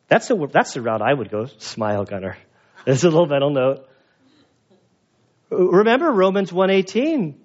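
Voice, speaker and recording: A man with a high-pitched voice preaches a verse-by-verse sermon to his congregation. He talks conversationally and leans hard on key words, dropping in self-deprecating asides. The recording is muffled and lo-fi. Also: sing-song, unhurried, long pauses, a little mellow. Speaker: pastor. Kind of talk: expository sermon. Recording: dull lo-fi sound.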